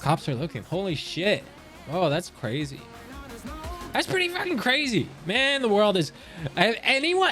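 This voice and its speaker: A young man streaming from Canada, chatting casually with viewers, rambling and swearing as he reads chat aloud. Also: on the high side. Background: faint music.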